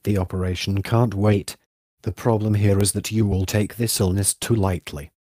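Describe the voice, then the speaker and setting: Stern, commanding surgeon in an audiobook, deep and dry, read by a man. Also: fairly even intonation, moderate pace, warm tone, no echo, natural voice. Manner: stern, solemn.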